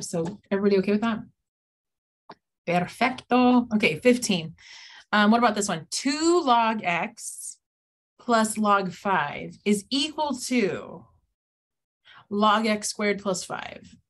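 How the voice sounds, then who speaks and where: A woman math teacher leading a live classroom lesson, playful and teasing, often acting out her students' reactions. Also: mid-range voice.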